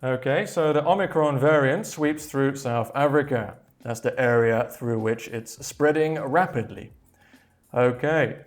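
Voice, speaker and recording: A man walks learners through vocabulary at a slow, unhurried pace. His voice sits a little high for a man, and he repeats key words patiently, filling pauses with "okay, there we go.". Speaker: English teacher. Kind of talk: slow explanatory vocabulary lesson.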